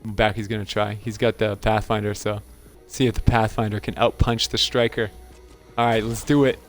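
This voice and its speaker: A man's voice: on the low side, level tone, normal speed, soft background music. A man hosting a gaming channel, giving casual gameplay commentary in an amused, chatty way and laughing often.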